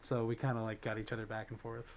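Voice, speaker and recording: A man's voice: fairly low pitch, completely flat delivery, fast. Chatty man hosting a livestream. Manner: chatty, thanks donors, many fillers. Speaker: livestream host. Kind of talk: casual chat with viewers.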